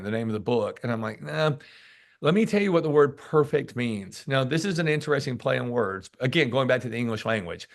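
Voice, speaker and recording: A man talking as a guest in a casual interview, telling emphatic stories and acting out what people say to him. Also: medium pitch. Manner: animated storyteller who acts out what people say; emphatic and preachy, repeats key words. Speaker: podcast guest, sales author.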